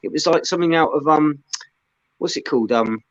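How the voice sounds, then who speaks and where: A man's voice: on the high side, a little fast, a bit bright, no echo, highs cut off. A man in casual banter, telling rambling anecdotes full of swearing.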